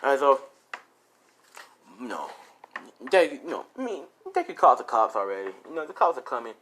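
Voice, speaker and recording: A man improvising a fan story out loud, rambling and profane, often correcting himself and laughing at his own lines. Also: mid-range voice, sing-song, moderate pace.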